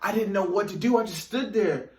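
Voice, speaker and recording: A man's voice: high voice, brisk, distant mic. Chatty young man telling a story, echoey room. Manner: animated, chatty, addresses viewers directly. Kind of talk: casual story time.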